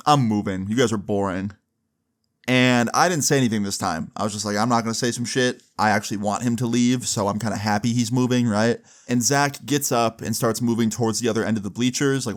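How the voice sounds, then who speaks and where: A young man telling a casual story full of crude slang, filling his talk with "like". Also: mid-range voice. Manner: crude, casual, many "like" fillers.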